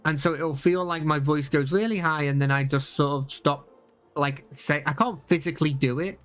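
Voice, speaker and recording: A man's voice: fairly high pitch, fairly even intonation, moderate pace, fairly bright tone. A young man chatting casually on a live stream, rambling with many fillers and restarts.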